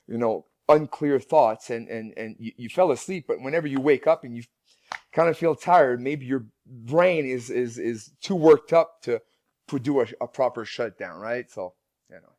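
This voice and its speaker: A man's voice: medium pitch, warm tone, no echo. A man talking casually as a guest speaker in an interview, speaking with frequent restarts and repeated words. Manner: rambling, many restarts and repeated words, laughs often.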